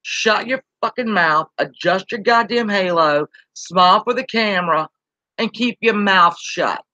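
A woman's voice: mid-range voice, measured pace, sharp tone, dry recording, muffled recording. A woman, ranting bluntly and profanely on a live-stream while reading chat aloud. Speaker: YouTube commentary host.

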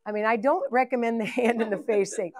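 A woman's voice: on the high side, brisk. A woman leading a live ministry training session, blunt and joking as she teaches. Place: church event hall.

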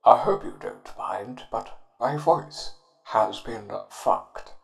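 A man's voice: on the low side, huge pitch swings, slow, soft background music, full character voice. A man playing a foul-mouthed character whose voice sounds posh, in a fan audio drama. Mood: wry. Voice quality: gravelly posh drawl.

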